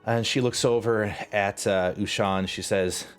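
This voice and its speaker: A man serving as game master on a live tabletop stream, describing scenes at a slow, easy pace. His voice sits low, and he talks casually with frequent ums and restarts. He sounds close to a desk mic at home. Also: steady tone, clear, resonant tone, faint music behind. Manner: casual, with many fillers.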